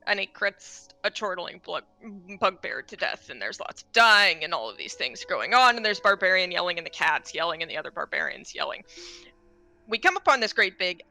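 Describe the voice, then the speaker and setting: Bright-voiced woman with wry asides. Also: lowish voice, animated, normal speed, soft background music. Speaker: tabletop game player. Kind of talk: casual game recap narration.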